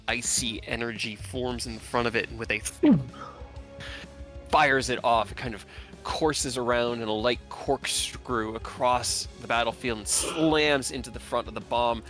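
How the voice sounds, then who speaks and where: A man narrating as dungeon master of a tabletop game, describing combat in lively detail. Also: medium pitch.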